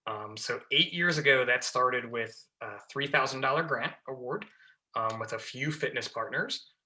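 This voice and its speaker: Man, podcast guest, firefighter, chatty, frequent fillers, very bright forceful voice. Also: medium pitch, moderate pace, a little hiss or hum. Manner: chatty, many fillers and restarts. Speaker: guest, fire lieutenant. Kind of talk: casual podcast interview.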